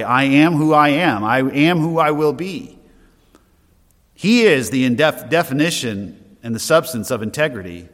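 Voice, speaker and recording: A man's voice: a little high, a bit bright, long reverb tail. A man preaching an earnest, emphatic sermon as pastor, often restarting his phrases.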